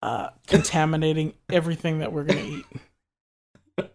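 A man's voice: a little high, flat delivery, measured pace, creaky, a little mellow. A man from New York chatting casually on a podcast. He tells stories loosely and jokes often, with plenty of "uh" and "like" along the way. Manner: laid-back, joking, loose storytelling with fillers. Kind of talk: casual chat.

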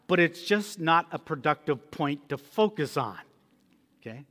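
A man's voice: a little high, very animated, normal speed, a bit bright. Conversational male pastor in a reverberant hall. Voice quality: conversational, emphatic teaching. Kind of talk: sermon. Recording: long reverb of a church hall.

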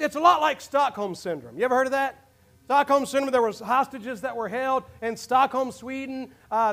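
A man preaching a sermon as pastor, swinging from quiet reasoning to shouted calls and acting out imagined excuses. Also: extremely high pitch. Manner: builds to shouted, preaching climaxes.

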